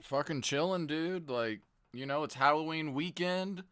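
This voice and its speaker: A man's voice: on the high side, unhurried, fairly bright tone. Laid-back joking male co-host. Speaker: show regular, co-host. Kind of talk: casual banter on a call-in show.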